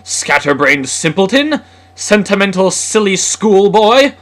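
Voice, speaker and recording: Man voicing a stern old shoemaker, loud scolding shouts, storybook reading. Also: sits high, big pitch swings, unhurried, pitched above the performer's own voice, exaggerated voice. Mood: furious.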